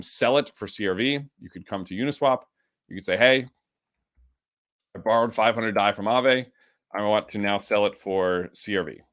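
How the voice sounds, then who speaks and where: A man with the hiccups, teaching a live coding lesson with an enthusiastic, energetic way of explaining. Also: lowish voice. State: has the hiccups. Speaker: instructor.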